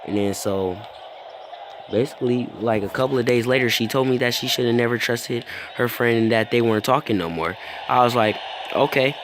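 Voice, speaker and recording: A man's voice: medium pitch, brisk. A teenage boy casually telling a rambling story, acting out both sides and filling it with "bro" and "like". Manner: rambling, animated retelling with lots of "bro" and "like". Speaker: vlogger. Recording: noticeable background noise.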